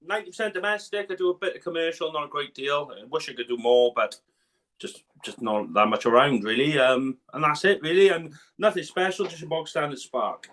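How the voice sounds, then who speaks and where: Man, South Welsh accent, fairly high voice, modest, laid-back, casual podcast chat. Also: brisk, fairly bright tone. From South Wales. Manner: modest, laid-back, calls people mate. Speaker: guest electrician.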